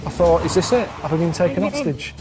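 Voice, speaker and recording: A man on a comedy talk show, telling a story in a deadpan, plain-spoken, rambling way. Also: on the high side, fairly quick, music in the background. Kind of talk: casual storytelling chat.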